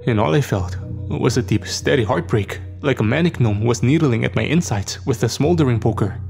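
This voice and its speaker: A man's voice: medium pitch, expressive, a little fast, creaky, a little mellow. A man telling a horror story in a tense, dramatic scripted narration. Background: faint music.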